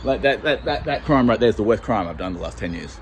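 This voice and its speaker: A man's voice: on the low side, lively intonation, fast talker, a little hiss or hum. A young Australian man rambling and swearing constantly as he walks and vlogs outdoors on city streets into a handheld phone. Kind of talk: rambling walking vlog.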